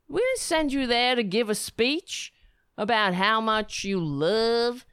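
A woman's voice: a little high, lively intonation, slow, fairly bright tone, clear, resonant tone, dry recording, studio quality. A woman hosting a political commentary livestream, sarcastic and rambling, breaking into mocking impressions. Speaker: livestream host.

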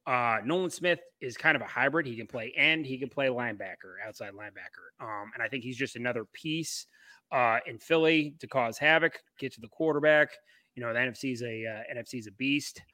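A man chats casually as a podcast co-host, rambling with plenty of fillers. His voice is bright and forward, and the sound is dry and close. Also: mid-range voice, a little fast, no room sound. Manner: loose, rambling, many fillers. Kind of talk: casual sports podcast chat.

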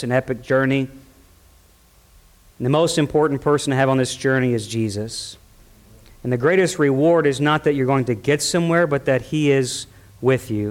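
A man preaching a sermon at a church service, passionate and full of rhetorical questions. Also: medium pitch. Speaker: pastor.

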